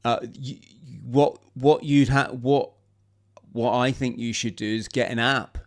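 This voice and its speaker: A man's voice: medium pitch, fairly even intonation, a little slow. A male host in a casual conversation who sounds enthusiastic and often halts mid-sentence to find his words.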